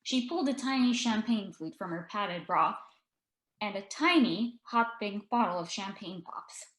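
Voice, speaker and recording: A woman author reading her own story aloud in an expressive, dry narrating voice. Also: medium pitch, measured pace. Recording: echoey room.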